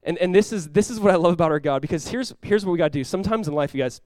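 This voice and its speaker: A male pastor preaching a sermon with lots of energy, acting out quoted voices with big jumps in pitch and volume. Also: racing, a little mellow, no room sound.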